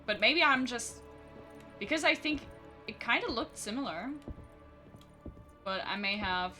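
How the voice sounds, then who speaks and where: A woman streamer giving chatty, animated live commentary on a horror game. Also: a little high, measured pace, soft background music. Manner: chatty and animated, reacting out loud.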